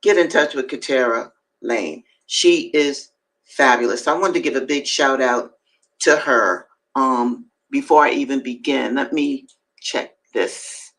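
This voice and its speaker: A woman hosting a live-streamed reading, talking to viewers between passages and jumping up in pitch to stress her points. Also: unhurried, fairly bright tone, rough recording. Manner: emphatic, swings up high to stress points; chatty asides to viewers. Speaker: host and reader.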